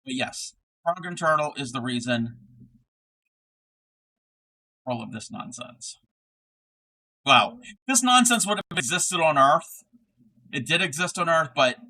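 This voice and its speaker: A man's voice: medium pitch, sharp tone, low-quality recording. A man chatting casually on a livestream while crocheting, reading chat aloud and laughing often. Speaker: streamer crocheting live.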